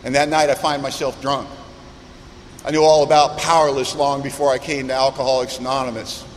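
A man's voice: mid-range voice, level tone. Candid man telling his story in an echoey hall. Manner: candid, self-mocking storyteller with dramatic lists and pauses. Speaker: speaker sharing his story at a recovery meeting. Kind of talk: personal recovery testimony to an audience. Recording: echoey hall with faint background noise.

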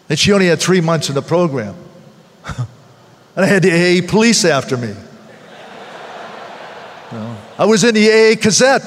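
A man's voice: fairly high pitch, in a large hall. An older man giving a heartfelt personal testimony at a recovery meeting, repeating phrases for emphasis.

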